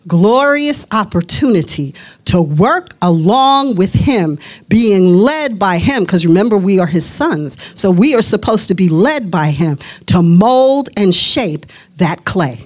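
A woman's voice: mid-range voice, very animated, slow. A middle-aged woman preaching a sermon in a conversational way, with quoted asides and laughter.

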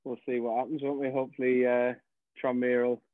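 A man's voice: medium pitch, little pitch movement, brisk, narrow, tinny audio. A man being interviewed, easygoing, thinking aloud as he guesses and laughing along. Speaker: guest footballer. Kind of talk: casual interview chat.

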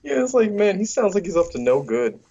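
A man's voice: high voice, big pitch swings, brisk, vocal fry, dark tone, slightly rough, lo-fi sound. A man co-hosting a podcast in casual banter, wisecracking, swearing and laughing often. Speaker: podcast co-host.

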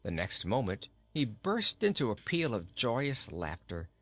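A man reading a storybook aloud as narrator, in a measured, expressive storytelling manner. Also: medium pitch, faint music behind.

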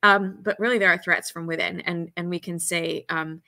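A woman's voice: on the low side, steady tone, normal speed, few pauses, sharp tone, dry recording. A woman talking earnestly in a casual podcast conversation, acting out quoted dialogue as she talks about suicide prevention training.

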